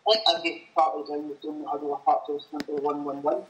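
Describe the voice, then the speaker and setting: A man talking as a guest in casual chat, halting and repeating words. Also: fairly high pitch, little pitch movement, fairly bright tone, muffled recording, slight background noise. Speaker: guest, supporters' group member.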